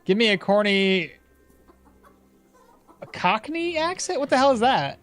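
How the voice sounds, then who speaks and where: A man's voice: high voice, very animated, a little slow, long pauses, a bit bright, faint music behind. A man streaming a game, chatting with his viewers, thinking aloud and laughing often. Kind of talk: casual live-stream commentary.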